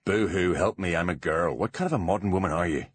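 A man's voice: low-pitched, quick pace, slightly rough. A man voicing a stern male bodyguard in a storybook reading, curt and commanding. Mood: grumbling.

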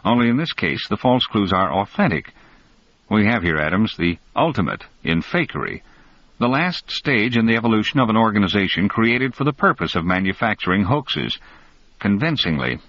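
A man voicing a calm, cunning male schemer who explains things in a measured, sharp way, raised a little above his narrating voice. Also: on the low side, dry recording. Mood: coolly explaining. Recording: dull lo-fi dry recording.

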